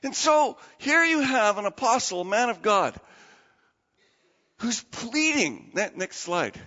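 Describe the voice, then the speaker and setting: A male pastor preaching an animated sermon with a high, lively voice that swoops up and down. His sound is dull and hangs in the long reverb of a church. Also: slow. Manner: animated and dramatic, asks the audience questions.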